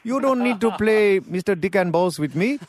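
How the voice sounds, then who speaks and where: A man's voice: sits high, expressive, moderate pace, pitched above the performer's own voice. A man playing a pushy, crude restaurant owner who haggles over a lost bag on a radio prank call. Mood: brash threatening. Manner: haggling, blunt, crude threats. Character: pushy male restaurant owner demanding a reward. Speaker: prank caller.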